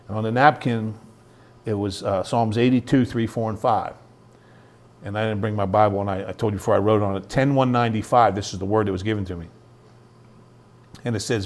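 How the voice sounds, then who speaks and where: A man's voice: fairly low pitch, fairly quick, pauses often. A middle-aged man, a guest on an interview show, giving an earnest personal testimony and acting out the voices of people in his story. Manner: earnest storyteller who acts out quoted dialogue. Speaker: guest, youth ministry founder.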